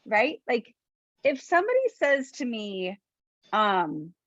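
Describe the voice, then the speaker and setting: A woman's voice: fairly high pitch, huge pitch swings, takes it slowly, fairly bright tone, dry recording. A woman hosting a training call, reacting with enthusiasm and giving emphatic coaching. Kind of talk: casual coaching chat. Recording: dull lo-fi dry sound.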